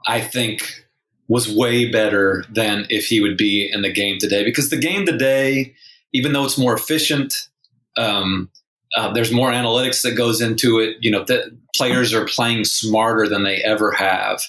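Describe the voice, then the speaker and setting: A man's voice: on the low side, moderate pace, a bit bright. A male sportswriter co-hosting a podcast, talking in a wry, rambling way with many restarts. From San Antonio, Texas. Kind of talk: casual sports discussion. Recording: roomy echo.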